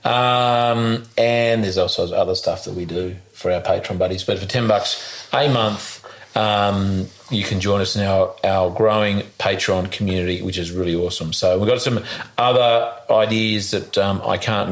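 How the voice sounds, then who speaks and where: A man hosts a relaxed podcast interview, speaking in a fairly low voice. He talks haltingly, stacking fillers and false starts as he circles his point. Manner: halting, many fillers and restarts. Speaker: podcast host. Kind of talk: casual interview chat.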